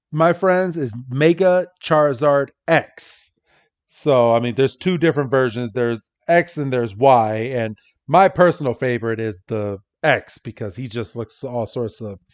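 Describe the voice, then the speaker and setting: A man co-hosting a casual podcast chat, excitable and acting out characters' lines in playful voices. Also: medium pitch, no room sound. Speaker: podcast co-host. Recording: dull lo-fi, dry.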